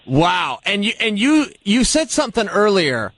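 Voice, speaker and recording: Interviewer guy, high voice, friendly, stumbles on his first words. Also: very animated, a little slow, a bit bright, no echo. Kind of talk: casual interview.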